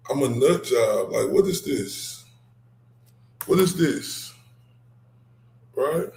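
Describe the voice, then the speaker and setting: Man hosting a livestream, gravelly, mid-pitched, loose and talky, roomy echo. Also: a little hiss or hum. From Dallas, Texas. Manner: animated, repeats "right?" and laughs often. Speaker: livestream host. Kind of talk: casual livestream chat.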